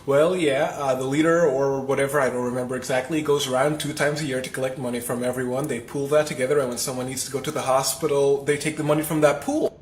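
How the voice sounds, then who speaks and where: A man from Europe telling a travel story to camera in a matter-of-fact, unhurried way. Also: fairly even intonation. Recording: echoey room with faint rumble.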